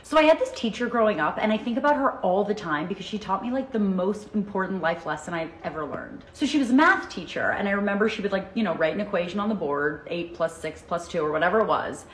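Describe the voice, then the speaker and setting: A woman telling a comedic anecdote, chatty, landing a deadpan punchline. Her voice has a roomy echo around it. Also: medium pitch, fast, hardly any pauses, slight background noise. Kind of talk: comedic storytelling.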